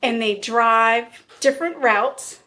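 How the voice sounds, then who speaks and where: Speaking slowly in a high-leaning voice, the woman gives a casual, animated retelling of a true-crime story as a podcast co-host, voicing the quoted dialogue herself.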